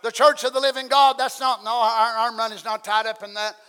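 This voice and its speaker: A middle-aged man preaching a fiery sermon as pastor, swinging from hushed asides to loud shouting. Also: very high-pitched, fairly even intonation, fairly quick, clean tone.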